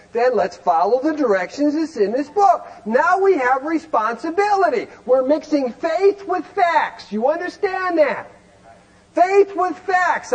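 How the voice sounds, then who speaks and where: A recovery program speaker with an unusually high voice lectures a group with great energy. He keeps posing rhetorical questions to the room and breaks into shouts to drive points home, though the audio quality is poor.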